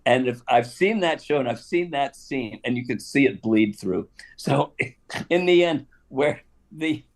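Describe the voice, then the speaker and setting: An older man telling a story casually on a live stream, animated, with laughs and asides. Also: medium pitch, a little slow. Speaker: guest actor telling stories.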